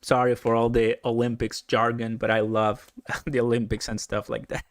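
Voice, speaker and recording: A man hosting a casual live stream, chatting excitedly, laughing often and answering viewer comments. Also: mid-range voice, moderate pace, no echo.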